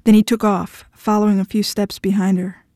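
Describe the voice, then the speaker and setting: A woman narrating fiction aloud in a measured, even way. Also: medium pitch, no room sound, studio quality.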